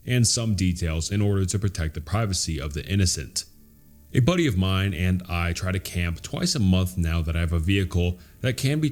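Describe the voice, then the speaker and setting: A man reading horror stories aloud as a narrator, in a steady, measured storytelling style. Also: low voice.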